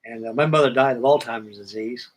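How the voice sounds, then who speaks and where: A man's voice: medium pitch, fast, low-quality recording. An older man with a middling voice telling a rambling personal story. He speaks in a plain, folksy way and acts out the old conversations as he goes. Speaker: hobby model-building livestream host.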